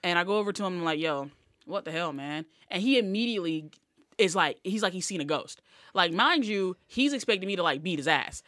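Bright-voiced woman telling casual stories. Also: medium pitch, expressive, fast talker, dry recording, clean studio sound. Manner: loose, storytelling, lots of "like". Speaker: comedian guest. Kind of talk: casual podcast chat.

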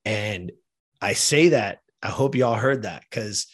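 A man in his fifties from the United States, appearing as a podcast guest, tells a heartfelt personal story. He speaks casually and slowly in a fairly low voice with lively intonation, leaning on "like" and "you know" and swearing now and then.

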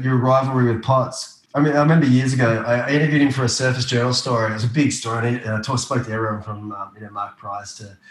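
Quick, casual male interviewer, roomy echo around his voice. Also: mid-range voice. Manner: swears casually, leads with questions. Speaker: interviewer, surf journalist. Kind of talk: conversational interview.

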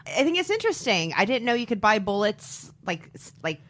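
A woman's voice: mid-range voice, sing-song, a little fast, a bit bright. Chatty woman co-hosting a crime podcast. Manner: chatty, laughs often, many "like"s. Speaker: podcast co-host. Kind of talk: casual true-crime chat.

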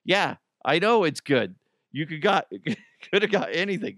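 A man in his thirties, hosting a radio show in casual chat, telling stories with animated put-on quotes and reading an ad. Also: fairly high pitch, measured pace, no room sound, clean studio sound. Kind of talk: casual chat and live-read ad.

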